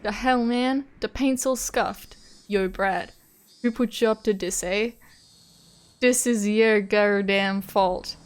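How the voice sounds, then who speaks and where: A woman voicing a rowdy young male street thug who yells, swears and speaks in an odd put-on accent. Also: mid-range voice, fairly even intonation, slow pace, clear, resonant tone, lightly acted. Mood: angry.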